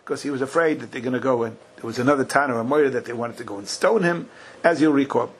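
A man teaching a Talmud study class, chanting Aramaic and Hebrew slowly and then translating it in a lively way. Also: mid-range voice, slightly rough, low-quality recording.

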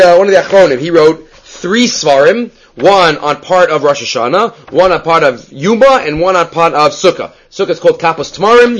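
A man teaching a Talmud class, telling its stories in animated English laced with Hebrew and Aramaic terms. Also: fairly high pitch, low-quality recording.

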